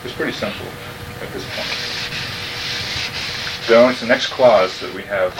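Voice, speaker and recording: A man's voice: fairly low pitch, a little slow. A man teaching a class on New Testament Greek, patiently explaining each word and checking that the students follow. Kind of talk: classroom lecture. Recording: distant mic, noisy room.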